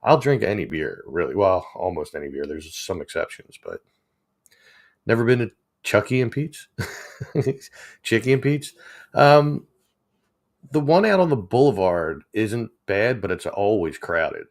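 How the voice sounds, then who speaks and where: A man's voice: on the low side, expressive, measured pace. A man, chatting casually with viewers on a livestream, rambling and chuckling as he reads the chat. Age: 40s. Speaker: livestream host.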